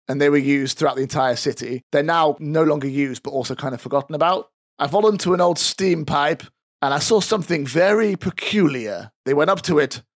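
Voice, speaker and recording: Guy doing a sneaky dramatic mouse-guy informant, kinda high, dry sound. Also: no echo. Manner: theatrical, conspiratorial, proud. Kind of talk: tabletop game character voice.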